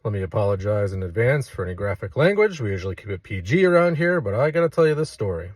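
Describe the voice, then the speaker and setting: A man, a real estate agent, casually telling a story to his viewers with lively delivery. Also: on the low side, quick pace, dry recording. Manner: animated, acts out quoted lines.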